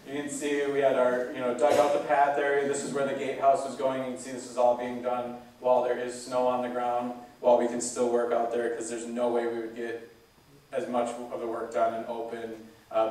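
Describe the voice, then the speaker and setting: A man gives a relaxed zoo talk, full of fillers, in a flat, even voice. He stands well back from the microphone, and the large hall adds a heavy echo. The result sounds roomy and distant. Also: medium pitch. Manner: relaxed, chatty, with many fillers. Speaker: zoo staff speaker. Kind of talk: casual public talk.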